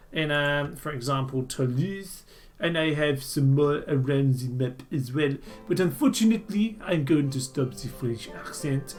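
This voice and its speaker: A man's voice: a little high, bright, forceful tone. A man giving enthusiastic, jokey and rambling commentary as he plays a strategy game. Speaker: let's-play host. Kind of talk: gameplay commentary.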